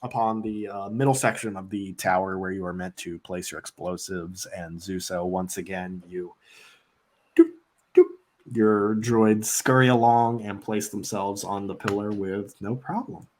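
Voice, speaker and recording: Male game master, lower register, easygoing narration full of ums and likes. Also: a little slow. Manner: relaxed, filler-heavy narration.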